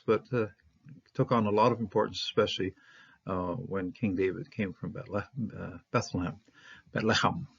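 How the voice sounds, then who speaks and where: Halting man teaching, lo-fi sound. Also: on the low side, creaky, breathy edge. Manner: halting, many fillers and restarts, checks in with "okay?". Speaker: Hebrew Bible teacher. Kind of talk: informal lesson reading a text.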